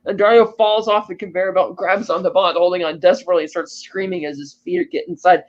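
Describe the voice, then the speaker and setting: High-voiced man recapping a film. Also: muffled recording. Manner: animated storytelling with quick voiced asides. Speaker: podcast co-host.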